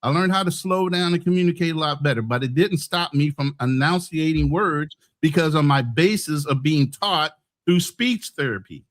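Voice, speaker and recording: A man's voice: on the high side, normal speed, hardly any pauses. A man from the United States, hosting a podcast, arguing bluntly with frequent profanity in a heated debate. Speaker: podcast host.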